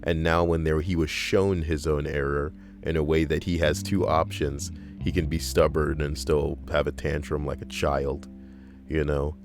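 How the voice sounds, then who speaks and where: A man's voice: a bass voice, little pitch movement, moderate pace, faint music behind. A young man reading stories aloud and breaking off into sarcastic, profane, rambling asides. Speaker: story reader and commentator.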